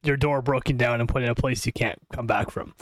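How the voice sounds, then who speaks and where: Man, podcast host, reading questions, teasing, mid-pitched, dry close sound. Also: a little fast, dry recording. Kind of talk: casual chat.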